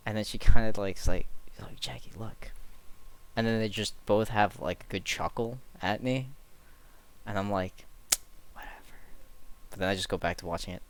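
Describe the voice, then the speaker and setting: A man's voice: lowish voice, fairly quick, a little hiss or hum. A young man telling stories casually on a late-night stream, rambling, correcting himself and chuckling at himself.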